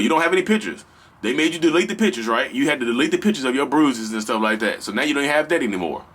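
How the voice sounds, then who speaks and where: A man hosting a casual advice vlog, talking straight to his viewers in an animated, slangy, rambling way. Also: mid-range voice. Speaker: vlog host.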